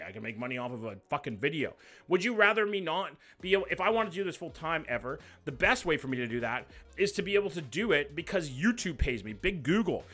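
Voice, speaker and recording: Bright-voiced young man chatting on a livestream. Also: fairly high pitch. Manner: loose, profane, joking banter. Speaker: livestream host. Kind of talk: casual live chat reading viewer comments.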